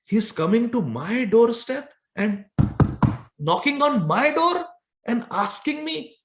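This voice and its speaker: A high-pitched man delivers a devotional sermon, pressing his points hard and circling back to the same phrases again and again. He stretches out the chanted verses slowly, and his voice rings around an echoey temple room. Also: big pitch swings, a bit bright. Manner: emphatic and repetitive, drawing out recited verses slowly. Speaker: preacher. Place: temple hall.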